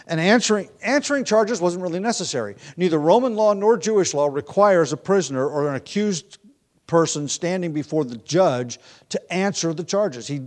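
A man teaching a Bible study, talking in a relaxed, conversational way with frequent pauses and restarts. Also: on the high side.

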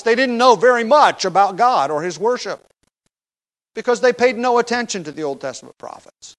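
A man's voice: very high-pitched, lively intonation, normal speed, a bit bright, poor audio. A man preaching an expository sermon, teaching from a passage with emphatic stress on key words and occasional fillers and restarts.

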